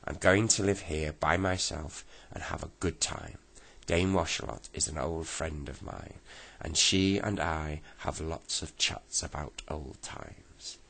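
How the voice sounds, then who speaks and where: A cross, defiant old woman, as a man reading a storybook puts her on, her voice raised and pushed higher than his own. It stays gravelly and husky underneath, and it comes out slow. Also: fairly bright tone, exaggerated voice. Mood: smug.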